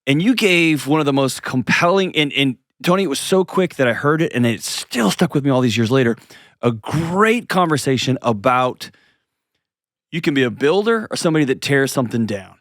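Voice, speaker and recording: A man's voice: mid-range voice, animated, normal speed, fairly bright tone, dry recording. Earnest man host, dry sound. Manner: earnest, rambling questions with restarts. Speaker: show host. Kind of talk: interview.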